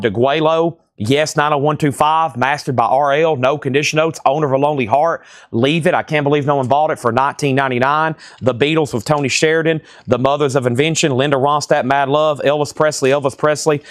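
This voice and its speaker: A man hosting a live record auction from a store, reading titles off fast and tossing in sarcastic asides. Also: medium pitch, dry recording, studio quality. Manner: rapid-fire listing, joking and sarcastic asides. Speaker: live sale host.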